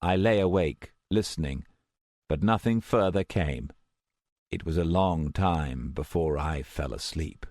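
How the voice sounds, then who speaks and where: Deep-voiced male audiobook narrator. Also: no echo, clean studio sound. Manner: measured, steady storytelling. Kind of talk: first-person audiobook narration.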